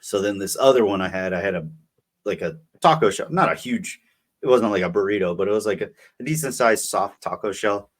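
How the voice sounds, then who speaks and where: Young male podcast co-host, low voice, rambling casual storyteller. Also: expressive, fairly quick. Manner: rambling, filler-heavy storytelling. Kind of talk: casual chat.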